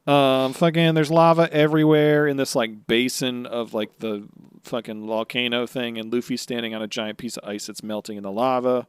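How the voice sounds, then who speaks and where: A man's voice: medium pitch, little pitch movement, moderate pace, smooth, dry recording. A young man co-hosting a podcast, retelling scenes with playful exaggeration and casual swearing. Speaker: podcast co-host. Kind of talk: casual chat recapping an anime.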